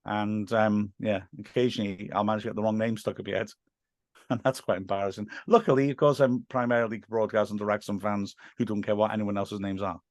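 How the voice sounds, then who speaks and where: A man's voice: on the low side, flat delivery, brisk, no echo, clean studio sound. A man who commentates on football, telling self-deprecating stories in a casual podcast chat and laughing often. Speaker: English teacher.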